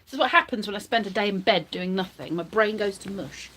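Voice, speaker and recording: A woman's voice: medium pitch, quick pace, fairly bright tone. A woman vlogging casually from bed at home, giggly and rambling as she chats to her viewers. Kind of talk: casual live chat to viewers.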